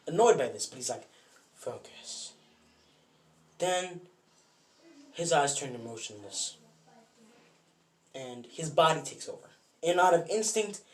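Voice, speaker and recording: A narrator telling a fan what-if story off the cuff at home, rambling with many fillers and self-corrections. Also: medium pitch. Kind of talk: casual improvised storytelling. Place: bedroom at home.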